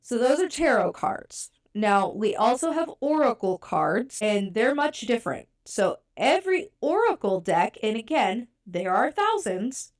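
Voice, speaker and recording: A woman's voice: fairly high pitch, very animated, unhurried, hardly any pauses. A woman hosting a podcast, talking casually and chattily with a stuffy, congested nose. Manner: chatty, conversational, many fillers. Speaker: podcast host. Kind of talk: casual podcast talk about tarot.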